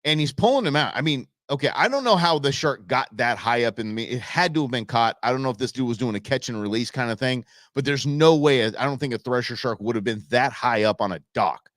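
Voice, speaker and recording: A man hosting a live show, talking casually and excitably over video clips and speaking to viewers by name. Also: mid-range voice, a little fast, few pauses, dry recording, clean studio sound. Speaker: host.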